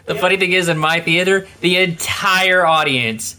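A man's voice: sits high, normal speed, pushed and bright. A man hosting a casual chat, talking enthusiastically and laughing often.

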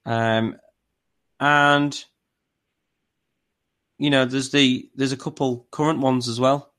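A podcast co-host, a man not from Newcastle, spins loose, rambling stories full of fillers during a casual conversation. His medium-pitched voice is steady and fairly bright, and he speaks slowly.

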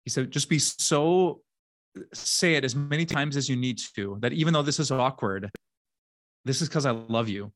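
A man's voice: medium pitch, moderate pace. Earnest man, pastor chatting on a podcast. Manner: earnest, laughs easily. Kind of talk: casual faith podcast chat.

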